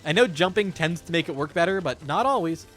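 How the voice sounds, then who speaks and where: A male game streamer talking into a desk mic at home, a touch higher-pitched than most men. He rambles casually and profanely with a wry, jumpy edge, while faint game music plays underneath. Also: animated, fairly quick, fairly bright tone. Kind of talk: casual live-stream commentary while gaming.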